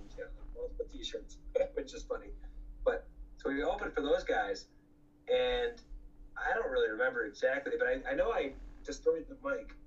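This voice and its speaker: A man in a casual interview spins loose, profane road stories from his punk band days, chuckling and circling back with fillers. His voice sits at an ordinary pitch for a man. He sounds a little away from the mic, on a dull, lo-fi recording. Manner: profane, laughing, rambling with many fillers. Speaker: punk band frontman guest. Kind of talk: casual anecdotal storytelling. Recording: slightly distant, dull lo-fi mic.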